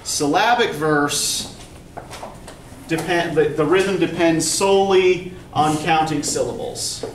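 A male instructor lectures a class in a patient, explanatory way, pausing often to ask whether everyone follows. He sounds set back from the mic in an echoey classroom, with a faint hum of room noise behind him. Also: a little high. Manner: patient, explanatory, checks understanding with frequent "right?". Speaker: college English instructor. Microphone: recorder at a distance in the room. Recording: roomy distant classroom recording with faint background noise.

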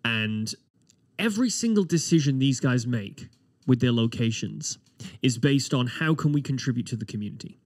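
A man's voice: medium pitch, animated, normal speed, no room sound, clean studio sound. A man with a British accent co-hosting a podcast, chatting casually and with enthusiasm. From Britain. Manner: enthusiastic, talks passionately. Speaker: podcast co-host. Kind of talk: casual chat.

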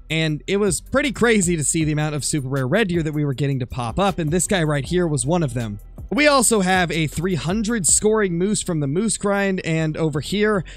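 Gaming host, male, a bit raspy from being sick, higher-pitched, chatty game commentary over faint music. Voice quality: slightly raspy. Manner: chatty, easygoing, frequent fillers. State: recovering from illness.

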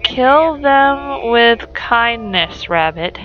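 A woman's voice: on the high side, lively intonation, very slow, dull audio. A young woman commenting on her game as she plays, chatty and swearing as she reacts. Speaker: gamer. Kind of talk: let's play commentary.

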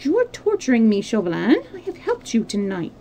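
A woman's voice: a little high, huge pitch swings, a little fast, dark tone, a little hiss or hum. A woman reading the lines of a desperate young noblewoman in an urgent, pleading voice.

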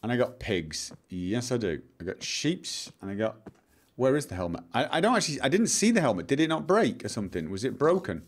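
A man streams live gameplay, muttering to himself, repeating lines, and bursting into excited outbursts. His voice is mid-range and his pace brisk.

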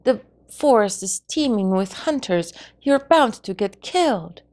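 A woman's voice: medium pitch, expressive, unhurried, darkish tone, close to an everyday voice. A woman storyteller voicing a worried little girl who pleads anxiously with her brother. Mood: pleading.

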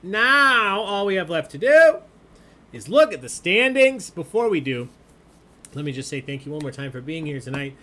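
This trivia host's voice runs on the high side, with big pitch swings, a moderate pace and a sharp tone. He is a man running a live-streamed online trivia game, reading questions and answers with jokey, chatty banter.

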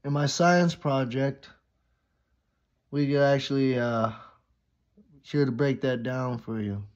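A man's voice: medium pitch, fairly even intonation, takes it slowly, darkish tone, lightly acted. A man voicing a smug young woman student presenting a chart in a lecturing way, on a dull lo-fi recording.

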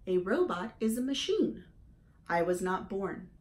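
A patient robot mother speaks plainly and evenly, never hurried, as a woman reads her part. It is a storybook read-aloud, her lines steady and gentle. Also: medium pitch. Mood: calm. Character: calm patient robot mother, female, weathered.

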